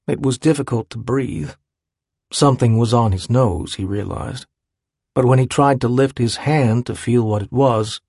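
A man reads a literary novel aloud with steady, measured narration. His voice is husky and sits at a middle pitch. The sound is dry and close, with no room echo. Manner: measured, even storytelling delivery. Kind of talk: scripted audiobook narration.

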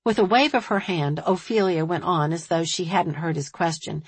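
A woman narrating a novel in an even, measured reading voice. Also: on the low side, slightly rough, dry recording. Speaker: audiobook narrator. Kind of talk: scripted narration.

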